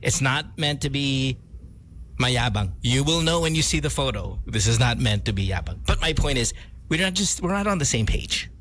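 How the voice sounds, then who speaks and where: A man's voice: medium pitch, expressive, moderate pace, a bit bright, slight background noise. A young man with a Filipino accent co-hosting a radio show, joking and poking fun at himself in casual banter. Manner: joking, self-mocking, switches between English and Tagalog.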